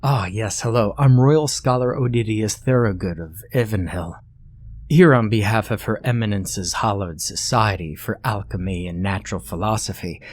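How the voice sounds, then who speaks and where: A man's voice: fairly low pitch, normal speed, lightly acted. A man voicing a young, pompous but polite royal scholar who talks formally and stammers with fillers. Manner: formal, courteous diction.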